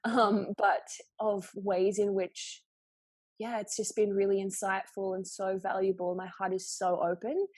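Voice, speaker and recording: A young Australian woman hosting a podcast, who talks quickly and chattily in a casual conversation, with lots of "like". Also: mid-range voice, flat delivery, breathy edge, dry recording. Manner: fast-talking, chatty, full of "like". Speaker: podcast host.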